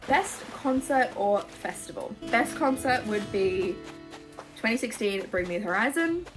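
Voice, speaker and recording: A young Australian YouTuber in her twenties gushes her way through a casual Q&A while playing a game, animated and full of fillers and swearing. She speaks at a medium pitch and an unhurried pace, with music playing behind her.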